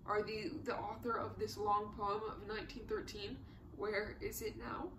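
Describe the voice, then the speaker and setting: A woman's voice: mid-range voice, flat delivery, moderate pace, roomy sound, noisy background, lightly acted. A woman voicing a cold, probing male prosecutor who questions in a clipped manner. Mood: stern. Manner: clipped, interrogating.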